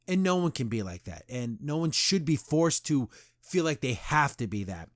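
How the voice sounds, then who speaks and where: Guy doing a chill review podcast, dry close sound, gets animated retelling scenes. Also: mid-range voice, moderate pace, no room sound. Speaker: podcast host. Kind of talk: casual episode review.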